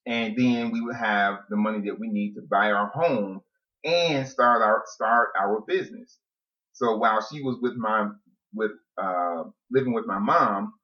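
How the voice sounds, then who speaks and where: A man's voice: medium pitch, a bit bright. Man laughing and explaining, lo-fi. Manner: laughs often, explains points step by step. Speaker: podcast co-host. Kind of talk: casual couple's chat. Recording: dull lo-fi audio.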